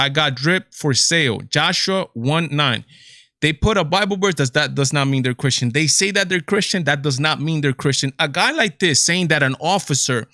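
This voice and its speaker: A man with a Latino English accent hosts a political commentary livestream in a fairly high, sharp voice. The studio-quality audio has no room sound. He sounds exasperated and incredulous, firing off rhetorical questions.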